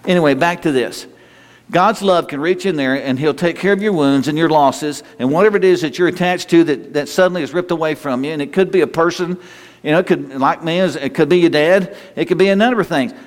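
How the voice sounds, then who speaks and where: Earnest preacher guy, lots of restarts, hall echo trailing behind him. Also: a little fast. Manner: earnest, repeats and restarts, swings up and down in pitch. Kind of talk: sermon. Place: church hall. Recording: long reverb of a hall.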